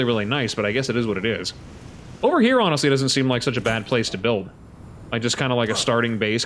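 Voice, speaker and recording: An excitable man chatting through a gameplay session, his pitch jumping up and down as he reacts and scolds his creatures. His voice sits in a middle register. A faint hiss sits under the recording. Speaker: let's play host. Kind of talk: casual gameplay commentary.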